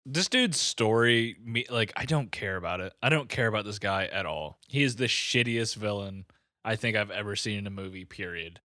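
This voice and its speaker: A man's voice: lowish voice, lively intonation, moderate pace, bright, forceful tone, no room sound. Blunt young man, dry close voice. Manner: blunt, dismissive, swearing. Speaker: podcast co-host. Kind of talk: casual profane movie-review chat.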